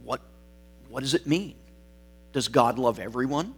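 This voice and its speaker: Slow, deliberate male preacher. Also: medium pitch, breathy edge. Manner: deliberate, stressing single words; emphatic, drops to quiet phrase endings. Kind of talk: sermon.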